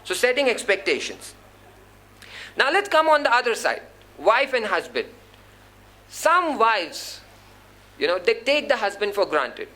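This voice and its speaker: A man's voice: sits high, bright, forceful tone, rough recording. A man preaching a sermon to a gathering, earnest and admonishing. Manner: earnest, admonishing, acts out quoted people. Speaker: Islamic preacher. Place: gathering hall.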